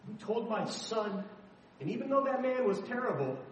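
Middle aged pastor preaching, high voice, lots of echo, faint background hum. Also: male voice, sing-song, moderate pace. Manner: storytelling, emphatic, dramatic shifts in loudness. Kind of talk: sermon. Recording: echoey hall from far off.

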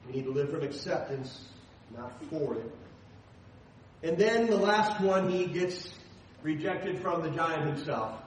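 A male pastor preaches with an animated, conversational drive, tossing out rhetorical questions to the room. His voice sits high for a man and bounces around a very echoey hall, picked up from a distance with faint ambient noise. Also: a little slow. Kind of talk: sermon.

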